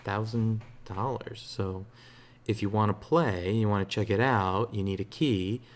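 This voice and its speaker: A man streaming games, chatting casually in a relaxed, rambling way with a soothing voice and lots of fillers. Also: fairly low pitch, measured pace. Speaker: game streamer. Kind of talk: casual live-stream chat.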